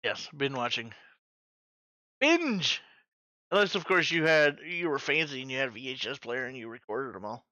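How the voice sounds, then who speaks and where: A man's voice: medium pitch, fast talker, hardly any pauses, bright, forceful tone, no room sound, muffled recording. A man in his forties hosting a trivia night in casual chat, joking, swearing freely and making sound-effect noises. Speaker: trivia host.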